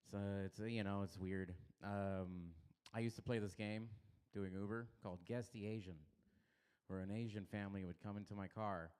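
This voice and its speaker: Rambling young stand-up comic, smooth voice. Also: male voice, lowish voice, a little mellow. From Los Angeles area. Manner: rambling, self-deprecating, offhand. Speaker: stand-up comedian. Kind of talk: stand-up set. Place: small comedy club with audience.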